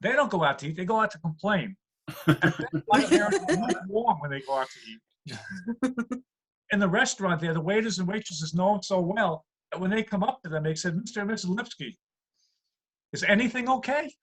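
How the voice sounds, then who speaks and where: A man doing a stand-up routine over a video call, delivering deadpan one-liners. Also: high-pitched, a little fast, slightly rough, poor audio. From USA. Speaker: stand-up comedian. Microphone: computer mic on a video call.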